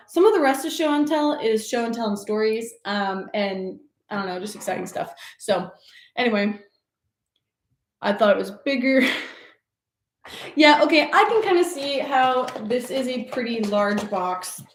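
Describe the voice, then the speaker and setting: Gushing woman in an echoey room. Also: medium pitch. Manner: gushing, excitable, laughs often. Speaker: livestream host. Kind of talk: casual livestream show and tell. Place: home office. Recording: echoey room with faint noise.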